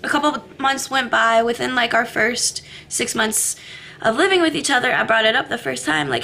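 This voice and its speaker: Young female vlogger, high bright voice, audible fry, blunt and profane, chatty camera-mic confessional. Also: moderate pace, a little hiss or hum. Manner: candid, swears freely, lots of fillers. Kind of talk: casual confessional vlog.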